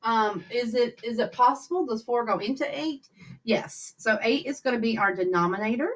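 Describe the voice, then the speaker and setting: A woman's voice: a little high, normal speed. Woman, teacher, friendly chatty lesson voice, talks through math steps aloud. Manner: chatty, upbeat, talks to kids while working problems aloud. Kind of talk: recorded math lesson over slides.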